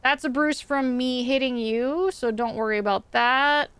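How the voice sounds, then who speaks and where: A woman's voice: high voice, unhurried, a bit bright, clear, resonant tone, no echo. A woman streaming a video game, chatting casually with her viewers and laughing often. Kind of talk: casual live-stream chat.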